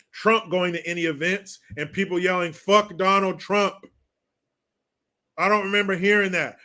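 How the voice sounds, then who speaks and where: A man's voice: high voice, sharp tone. A man hosting a livestream, ranting about politics in blunt, profane, mocking talk and reading viewer comments. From California. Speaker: livestream host reading chat. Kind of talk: casual political rant.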